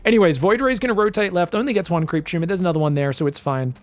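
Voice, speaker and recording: A man giving solo commentary on a strategy game match, excitable and chatty, bursting into shouted reactions and talking straight to his viewers. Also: sits high, racing, no echo. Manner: chatty asides, addresses viewers as guys. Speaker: esports caster.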